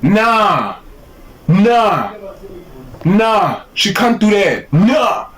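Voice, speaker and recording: Animated man reacting with laughs. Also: high-pitched, takes it slowly. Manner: animated, laughs and exclaims often. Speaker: reaction streamer. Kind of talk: reaction commentary.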